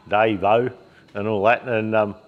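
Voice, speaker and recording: A man's voice: lowish voice, steady tone, takes it slowly, lo-fi sound. Casual Australian bloke, middle-aged, shop owner rambling to camera in his shed; blokey, loose, plenty of fillers. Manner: rambling and blokey, with filler words, laughs and mild swearing. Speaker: shop owner and YouTube host. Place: workshop shed.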